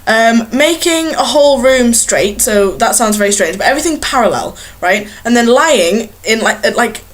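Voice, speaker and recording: A woman's voice: on the high side, lively intonation, normal speed. A young woman chatting casually to a webcam in a small bedroom, rambling and giggling at herself. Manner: rambling, giggly, self-mocking. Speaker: vlogger. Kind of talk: casual chat to camera.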